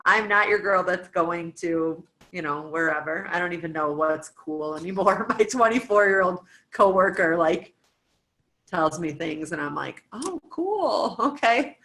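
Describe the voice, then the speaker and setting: A woman's voice: fairly low pitch, moderate pace, fairly bright tone, low-quality recording. A woman in her thirties from the United States, giving an informal coaching talk with lots of "um" and "like" and long lists of questions. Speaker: guest speaker coaching fitness coaches. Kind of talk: casual talk walking through a worksheet.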